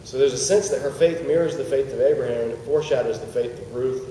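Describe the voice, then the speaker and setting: A man's voice: mid-range voice, fairly even intonation, quick pace, mellow, a little hiss or hum. A man teaching a casual Bible study to a group, conversational, with joking asides and questions for the class. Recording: roomy distant recording with long reverb.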